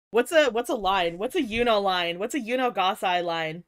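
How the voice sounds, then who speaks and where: A woman's voice: medium pitch, no echo, clean studio sound. A young woman VTuber chatting casually with her viewers, playful and giggly, teasing them and swearing often, a little tired. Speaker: VTuber streamer. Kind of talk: casual livestream chat with viewers.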